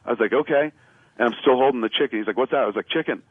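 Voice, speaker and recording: Fast-talking man on a tinny radio line. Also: mid-range voice, slightly rough, dry recording. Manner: animated storyteller acting out quoted lines; loose and profane, with filler words. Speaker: radio show guest. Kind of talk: casual anecdote on a radio talk show. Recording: narrow phone-like radio sound.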